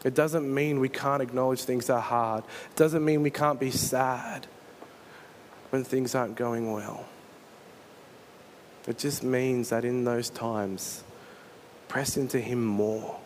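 A man preaching from the pulpit in an earnest, storytelling way. His voice sits at a middle pitch, and he builds scenes with feeling. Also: steady tone, slow pace, long pauses, a little hiss or hum. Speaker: pastor. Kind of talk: sermon.

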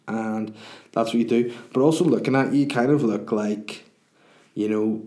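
A low-pitched man hosting a podcast in casual chat. He rambles through listener questions with crude, self-mocking humour, his pace loose and easy. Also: darkish tone. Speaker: podcast host and comedian.

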